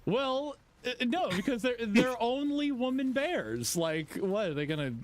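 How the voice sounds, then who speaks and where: A man's voice: very high-pitched, very animated, measured pace, slight background noise. A man chatting casually, giggly and hesitant. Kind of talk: casual chat.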